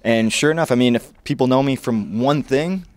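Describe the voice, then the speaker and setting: Fast-talking man giving wrestling advice. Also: mid-range voice, dry recording. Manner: energetic, quotes mentors in lively voices. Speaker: guest wrestler. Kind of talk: interview, telling stories and advice.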